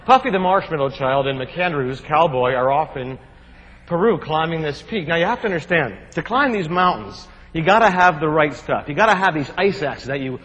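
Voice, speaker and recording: A man from New Jersey speaks to a live audience, spinning adventure tales with quick jokes and animated asides. His voice sits on the higher side for a man. The sound carries a long reverb from a large hall. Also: highs cut off. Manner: animated, jokey, acts out shouts and quotes. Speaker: keynote speaker. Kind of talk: humorous storytelling speech.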